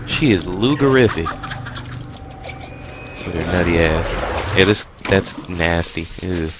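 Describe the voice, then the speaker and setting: Crude, joking man with a deep voice. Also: animated, slow. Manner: crude, joking, talks back to the game. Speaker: gaming commentator. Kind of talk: casual walkthrough commentary. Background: game music.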